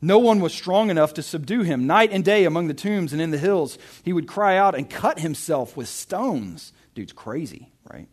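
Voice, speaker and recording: A male pastor giving a conversational sermon, reading scripture and retelling it with lively asides and stammered restarts. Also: fairly high pitch, normal speed, few pauses.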